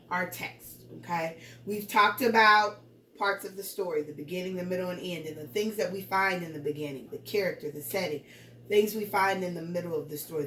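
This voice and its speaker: A woman teaching a young class to read, with a slightly low voice. She is patient and encouraging and reads sample sentences slowly with exaggerated intonation. She sounds a little distant from the mic, in an echoey room. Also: fairly bright tone. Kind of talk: early-grades remote reading lesson.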